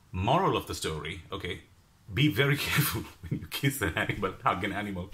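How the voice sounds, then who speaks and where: Animated man telling a story. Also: fairly low pitch. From Sri Lanka. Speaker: vlogger. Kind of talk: casual storytelling vlog.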